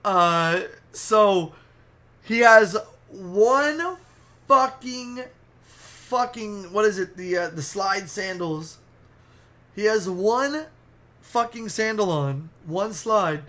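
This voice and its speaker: Man, high voice, casual storytelling, animated, swears a lot. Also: very slow. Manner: animated, profane, vivid. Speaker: storyteller, streamer.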